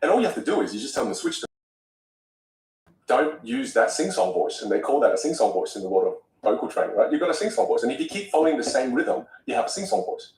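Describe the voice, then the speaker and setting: A man talking as a vocal coach in a podcast conversation, animated and acting out example voices. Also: mid-range voice, quick pace, reverberant, recorded from a distance, low-quality recording.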